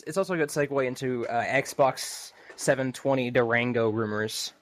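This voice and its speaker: A man's voice: medium pitch, moderate pace. A man co-hosting a casual podcast, making wry, sarcastic asides. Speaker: podcast co-host. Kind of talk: casual chat.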